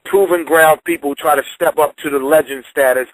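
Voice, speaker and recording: A man's voice: on the high side, fairly even intonation, brisk, no room sound, rough recording. A man, a battle rapper, in a heated radio argument, confrontational and stammering over his repeats.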